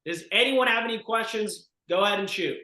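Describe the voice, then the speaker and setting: A man with a high, bright voice runs a group coaching session for real estate agents, speaking fairly quickly. He's forceful and emphatic, constantly pushing listeners to take action, and the room adds a noticeable echo.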